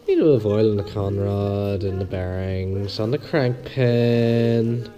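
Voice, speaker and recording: A man with a hoarse voice from the flu, hosting a casual step-by-step engine repair tutorial, chatty and homely, repeating small instructions. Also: fairly low pitch, slow, over music, low-quality recording. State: hoarse, losing his voice with flu. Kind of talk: casual step-by-step workshop demonstration.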